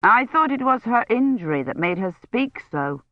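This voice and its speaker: A woman reading a kind young male knight who speaks slowly and over-distinctly. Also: fairly high pitch, big pitch swings, no room sound, lo-fi sound, voice pushed up. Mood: puzzled. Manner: slow, over-distinct, emphatic speech.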